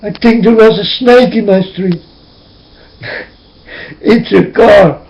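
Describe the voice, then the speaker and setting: A man's voice: sits high, slow, vocal fry, a little mellow. A man giving an emotional religious monologue from his room, pleading and preaching as his voice keeps breaking into tears. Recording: dull lo-fi recording.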